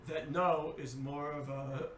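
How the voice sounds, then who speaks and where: A man's voice: a little high, level tone, takes it slowly. A young man co-hosting a casual chat, hesitant and giggly, often restarting his sentences. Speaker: co-host. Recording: echoey room from a distance.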